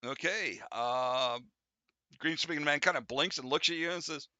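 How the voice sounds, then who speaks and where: A man's voice: fairly high pitch, measured pace, bright, forceful tone, clear, resonant tone, dry recording. A man narrating as game master of a tabletop game, rambling with fillers and restarts as he describes the scene. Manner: rambling, full of fillers and restarts, voices the figures lightly.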